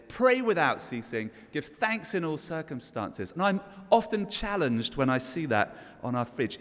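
A man's voice: on the high side, fairly bright tone. A man preaching an all-age sermon in a church, leading the congregation in call and response. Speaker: pastor. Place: church hall. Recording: long church reverb.

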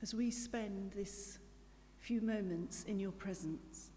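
A woman leading prayer in a church, speaking slowly, gently and contemplatively. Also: medium pitch, a little hiss or hum. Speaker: prayer leader. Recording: church hall reverb with faint violin.

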